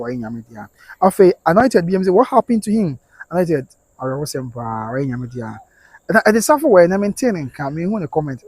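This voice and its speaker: Ghanaian male streamer, husky, slightly high voice, reads comments and consoles in mixed Twi and English, dry close sound. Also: darkish tone, dry recording. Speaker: livestream host reading viewer comments.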